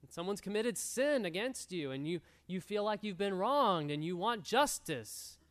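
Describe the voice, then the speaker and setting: A man's voice: high-pitched, expressive, moderate pace, a bit bright. A male pastor preaching an earnest sermon to a room, exhorting and repeating his key points. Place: church room.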